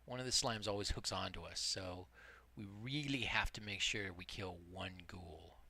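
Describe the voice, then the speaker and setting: A middle-aged man talks through his game in a low, gravelly voice with a bright, forceful edge. He rambles from tactics to asides and pokes fun at himself as he plays. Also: moderate pace. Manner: rambling, explains tactics while playing, self-deprecating. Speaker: multiboxing game streamer. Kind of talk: casual live gameplay commentary.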